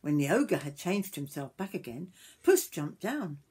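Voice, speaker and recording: An older woman reading a picture book aloud to children, gentle and stopping to point at the pictures. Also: sits low, sing-song, unhurried, husky. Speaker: storyteller grandmother.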